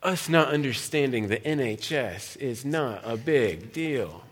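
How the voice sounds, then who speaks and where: A man's voice: medium pitch, expressive, a little slow, slightly rough. A man preaching as a guest speaker, earnest and challenging, asking his listeners many questions. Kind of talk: sermon.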